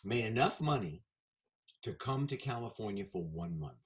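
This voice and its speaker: A man in his seventies, a guest in a casual interview, telling animated stories about his career. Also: fairly low pitch, normal speed. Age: 70s. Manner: animated anecdotal storyteller.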